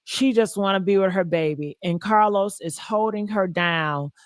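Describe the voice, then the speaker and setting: A woman's voice: medium pitch, moderate pace, no echo, clean studio sound. A woman hosting a casual gossip livestream, talking emphatically and repeating points for emphasis. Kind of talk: casual commentary.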